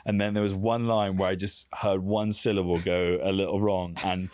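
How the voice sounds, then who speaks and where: An English man in his thirties chats as a guest, his voice low and recorded close and dry. He tells stories with animated energy and laughs often. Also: normal speed, no echo. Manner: animated storytelling, breaks into laughter. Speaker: guest comedian and actor. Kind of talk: casual chat.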